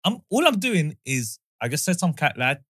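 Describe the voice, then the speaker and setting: A young man, excitable and laughing in casual banter. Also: a little high, moderate pace, husky.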